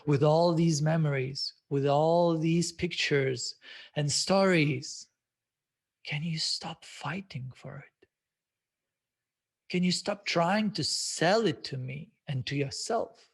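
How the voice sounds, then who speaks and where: A man's voice: a little high, takes it slowly, creaky. A man hosting a self-development webinar, speaking reflectively with many hesitant filler sounds. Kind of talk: live webinar talk.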